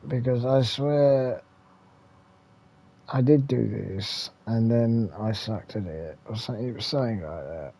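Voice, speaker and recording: A man's voice: medium pitch, unhurried, creaky, warm tone. A man with an English accent, hosting a retro gaming channel, rambling casually with mild swearing and lots of fillers and restarts.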